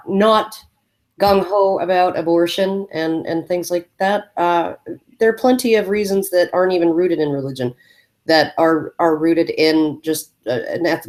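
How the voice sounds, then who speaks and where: Woman podcast co-host, lower pitch, halting and blunt, casual talk. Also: darkish tone. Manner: hesitant, many fillers and restarts, blunt. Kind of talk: casual discussion.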